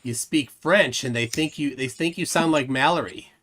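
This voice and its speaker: A man's voice: mid-range voice, moderate pace, fairly bright tone. A man hosting a live stream, reading viewer comments aloud and making wry remarks. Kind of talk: casual live-stream chat.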